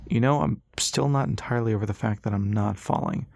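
An earnest, weathered father and airship adventurer speaks, his emotions plain in his words as a man reads him in an audiobook. The voice sits slightly low and is recorded dry and close. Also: a little fast, vocal fry, darkish tone, no room sound.

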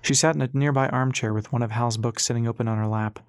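A man narrating an audiobook in a steady, even storytelling voice. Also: medium pitch, fast talker, clear, resonant tone, dry recording.

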